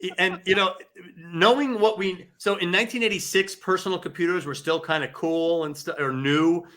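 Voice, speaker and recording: Host type: man in his forties, high and bright voice, amused and chatty. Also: normal speed. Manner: amused, laughing, restarts mid-sentence. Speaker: podcast host. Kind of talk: casual film discussion.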